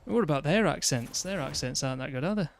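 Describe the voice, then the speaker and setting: This young man from northern England has a Yorkshire accent and a high-ish, creaky, expressive voice that runs fast. He's casually chatting while streaming a racing game, bluntly teasing a friend and frequently starting sentences over, with slight background noise behind him.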